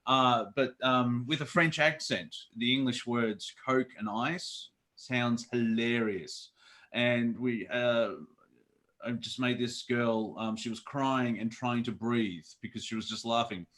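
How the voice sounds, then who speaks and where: A man's voice: medium pitch, fairly even intonation, takes it slowly, a bit bright. A man chatting casually as a guest on a talk show, telling stories, rambling and laughing often. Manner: rambling, laughs often, trails off mid-sentence. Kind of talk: casual chat.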